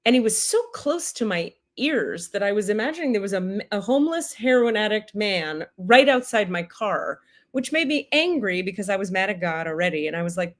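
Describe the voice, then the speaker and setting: A woman hosting a comedic spiritual livestream, telling a profane, animated story full of tangents. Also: medium pitch, a little fast.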